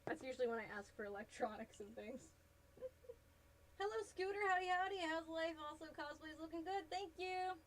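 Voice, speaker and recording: A woman's voice: very high voice, expressive, normal speed, rough recording. A woman chatting casually while she crafts a cosplay on a live stream, rambling, laughing often and answering her chat. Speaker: cosplay livestreamer.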